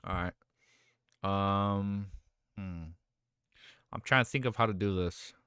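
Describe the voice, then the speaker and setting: A male streamer chatting excitedly and casually during a live reaction stream, swearing now and then. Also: on the low side, slow, smooth, dry recording, clean studio sound.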